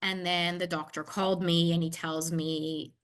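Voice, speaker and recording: A woman in an interview telling a personal story in a casual, animated way, acting out the conversations and often saying "like". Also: on the low side, normal speed. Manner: animated, acts out dialogue, frequent "like".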